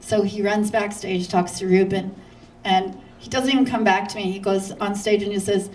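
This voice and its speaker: A woman guest speaker from Canada telling a lively story at a church, acting out other people's lines and laughing often. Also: medium pitch, moderate pace, distant mic, poor audio.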